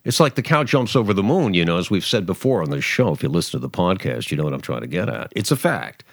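A man's voice: deep voice, quick pace, dry recording. Sarcastic male commentary host, dry sound. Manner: sarcastic, animated, mocking voices with laughs. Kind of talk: casual political commentary.

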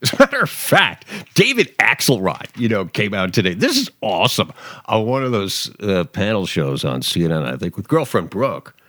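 A man's voice: fairly low pitch, very animated, normal speed, a bit bright, no echo. A man hosting a political commentary show, talking casually and sarcastically, often mocking other people's voices.

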